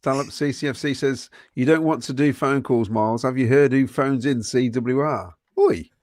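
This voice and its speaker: A man's voice: mid-range voice, moderate pace, darkish tone, no echo. A man co-hosts a fan podcast in a mid-range voice. He reads out viewer comments with plenty of ums and chuckles. The recording is dry and close. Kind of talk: casual podcast chat.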